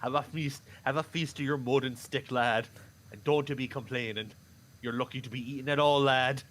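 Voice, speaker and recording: A man voicing a gruff, stern peasant father who scolds and mocks his son. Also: mid-range voice, steady tone, a little fast, a bit bright, voice pushed down, lightly acted. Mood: scolding.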